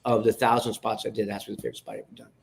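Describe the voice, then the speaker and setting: A man telling a long behind-the-scenes story as a guest in an interview, animated, often restarting and turning to the listeners. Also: fairly low pitch, rapid-fire, gravelly, a little hiss or hum. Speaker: guest, television producer.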